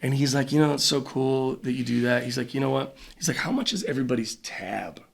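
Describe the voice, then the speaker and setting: A man, a podcast guest, telling a story in a casual, animated way, with quick bursts of speech and lots of fillers. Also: medium pitch, vocal fry, slightly rough. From Cayman Islands.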